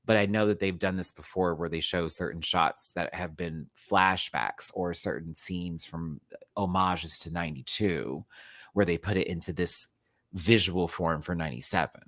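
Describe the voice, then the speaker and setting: A woman's voice: very deep voice, normal speed, fairly bright tone, no echo. A woman hosting a live recap show, ranting casually and expressively, laughing often and swearing freely.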